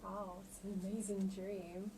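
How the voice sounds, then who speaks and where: A woman interviewing, responding slowly and softly moved. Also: medium pitch, level tone, far from the mic, noisy background. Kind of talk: interview reactions.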